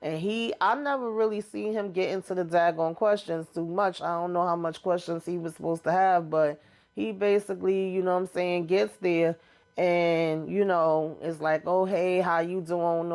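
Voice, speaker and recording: A woman's voice: on the low side, fairly even intonation, moderate pace, darkish tone. A woman hosting a casual TV recap, retelling scenes in a loose, slangy way with lots of "you know what I'm saying.". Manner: slangy and informal, drops verb endings. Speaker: TV recap host.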